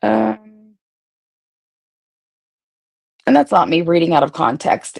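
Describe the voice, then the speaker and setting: A woman's voice: fairly low pitch, animated, moderate pace, gravelly. A woman hosting a casual livestream, talking bluntly and swearing freely as she addresses her viewers directly. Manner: blunt, profane, talks straight to viewers. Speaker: streamer host.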